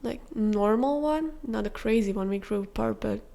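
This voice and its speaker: A young woman hosting a podcast, telling a personal story in a candid, confessional way with soft fillers. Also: fairly high pitch, normal speed, vocal fry. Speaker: podcast host.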